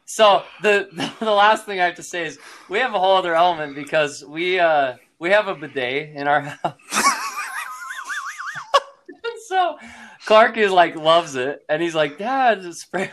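Laughy dad telling a story, casual chat, voice all over the place, lots of "like". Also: male voice, high voice, animated, measured pace, long pauses, fairly bright tone, slight background noise. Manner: laughs often through the story, filler-heavy. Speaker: father telling a parenting story.

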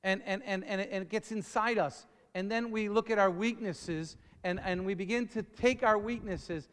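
A middle-aged man preaching a sermon, rambling and repeating words, then building up to shouting. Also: high voice, moderate pace. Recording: long reverb of a large hall.

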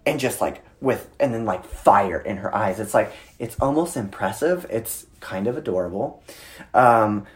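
A man in his thirties, a guest in an interview, explaining communication with lively storytelling and frequent filler words. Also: lowish voice, unhurried. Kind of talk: conversational interview.

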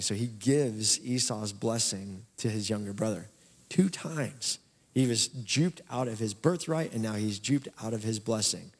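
A man's voice: on the low side, measured pace. Man preaching in a reverberant hall. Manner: animated, conversational retelling. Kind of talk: casual sermon storytelling.

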